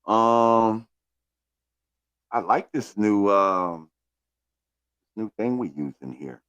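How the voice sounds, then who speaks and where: A male host runs a casual livestream, calmly reading out viewers' names with thanks. His voice sits low. The sound is dry, with no room around it. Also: very slow, clean tone, no echo, muffled recording. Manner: laid-back, reads out viewer names and thanks them.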